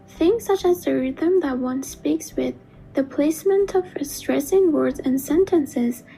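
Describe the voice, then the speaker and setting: High-voiced woman narrating a lesson. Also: vocal fry, poor audio. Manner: even, explanatory reading. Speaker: narrator of an educational video. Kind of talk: scripted narration. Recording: faint music behind the voice.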